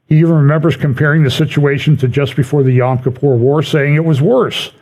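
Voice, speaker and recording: A man's voice: fairly high pitch, steady tone, fairly quick, darkish tone. A middle-aged man giving a conversational church prophecy update, reading quotations aloud and adding wry asides.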